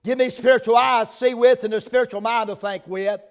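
High-voiced preacher in a reverberant church. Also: male voice, steady tone, a little fast, clear, resonant tone. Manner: builds from quiet prayer to loud emphatic preaching. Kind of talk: sermon. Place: church sanctuary. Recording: long reverb of a church hall.

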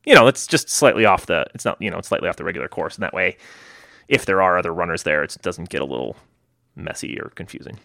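A man's voice: low-pitched, lively intonation, quick pace, vocal fry, bright, forceful tone, no echo, clean studio sound. A man co-hosting a casual running podcast, talking in a loose, rambling way and laughing easily. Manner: rambling, many fillers and restarts, easy laughs. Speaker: podcast co-host.

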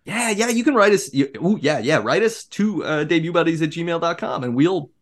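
A man's voice: a little high, normal speed. Jokey podcast guy, bouncy up-and-down voice, laughs a lot. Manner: animated and joking, often laughing. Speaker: podcast co-host. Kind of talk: casual chat.

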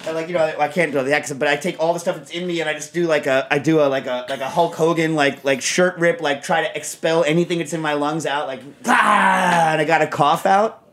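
A middle-aged man hosting a casual chat show, telling stories in a rambling, animated way with lots of fillers. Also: on the high side, fast, few pauses. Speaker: podcast host.

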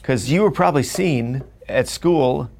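A man's voice: mid-range voice, a little slow, vocal fry, darkish tone. A male host who interviews thoughtfully, paraphrasing his guest and asking probing questions. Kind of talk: conversational interview.

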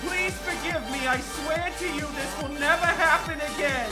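Unhinged male pitchman, put on by a podcast host, high and loud, ranting over music. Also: steady tone, very slow, exaggerated voice. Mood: pleading. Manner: shouting, furious rants flipping to tearful pleading. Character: unhinged male ad pitchman, volatile, self-pitying.

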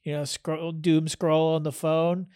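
A man with a somewhat higher voice co-hosting a loose comedy podcast, relaxed and teasing as he trades tips and ribs his partner. The sound is close and dry, with no room around it. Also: unhurried, clear, resonant tone, no echo. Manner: laid-back, teasing, laughs easily. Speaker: podcast co-host. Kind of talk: casual comedic chat.

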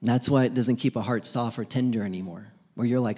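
A young man preaches in a loose, joking way, slipping into quick voiced exchanges between himself and God. His pitch sits in an ordinary middle range for a man, and his talk stays relaxed and conversational from line to line. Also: slightly rough. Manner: casual, joking preacher who acts out dialogues with God. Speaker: pastor. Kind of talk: sermon.

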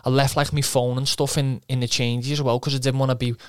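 Young footballer, chatty storyteller who swears, monotone voice, dry studio mic. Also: male voice, medium pitch, fast, smooth, dry recording. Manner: rambling, swears, quotes himself, laughs often. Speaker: footballer guest. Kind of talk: casual anecdote.

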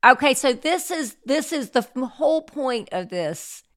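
A woman's voice: high voice, animated, unhurried, a bit bright. Woman host interviewing comedians, friendly and encouraging. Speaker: podcast host.

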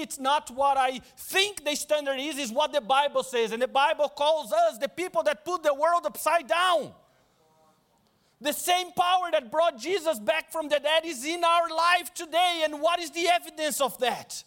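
High-voiced man preaching. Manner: animated, swings from loud to hushed, repeats phrases. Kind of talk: sermon.

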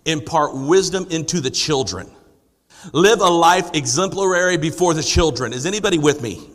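A man delivers a sermon in a high, bright voice. He presses the congregation with rhetorical questions and rises to emphatic declarations. The sanctuary gives a long, ringing reverb. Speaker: pastor. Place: church sanctuary.

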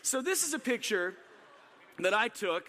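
Man, thirties, pastor, sermon, self-deprecating storytelling, high voice, echoing hall. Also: big pitch swings, measured pace, sharp tone.

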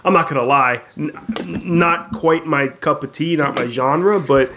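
A man's voice: on the high side, unhurried, sharp tone, slight background noise. Easygoing guy hosting a podcast. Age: 40s. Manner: easygoing, chummy, says "dude" and "man". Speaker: podcast host. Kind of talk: casual chat.

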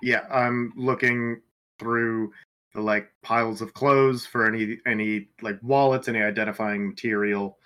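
A man's voice: lowish voice, steady tone, a little slow, bright, forceful tone. A man playing a tabletop game, asking careful questions and describing his agent's actions step by step. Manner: methodical, asks questions. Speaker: player. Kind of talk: casual tabletop play.

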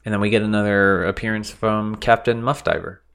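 A man's voice: fairly low pitch, steady tone, fairly quick, creaky, fairly bright tone, clean tone. A man hosting a podcast, casually recapping film scenes in a loose, profane way. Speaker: podcast host.

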